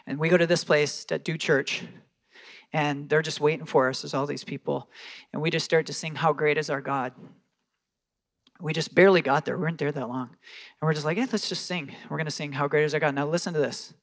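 Guy preaching, tells stories all animated, slightly high voice. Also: fairly quick. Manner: animated storytelling with quoted voices. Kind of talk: sermon storytelling.

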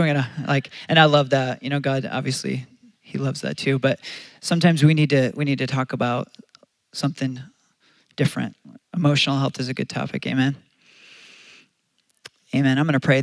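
A man's voice: mid-range voice, level tone, normal speed, pauses often, no room sound. A man preaching a sermon as pastor, earnest and conversational, often restarting his phrases.

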